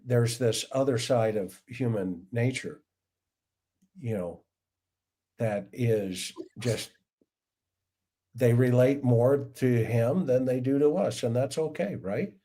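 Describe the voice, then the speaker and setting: A middle-aged retired police officer who hosts a podcast speaks slowly in a mid-range voice, pausing often. On a casual livestream, he tells animated stories from his police years, acting out the voices of the people involved.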